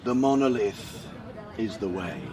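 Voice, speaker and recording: An English man putting on a grave, zealous male game prophet who speaks in a slow, preaching way. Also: lowish voice, over a noisy crowd, heavy background noise, pitched below the performer's own voice, natural voice. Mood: solemn.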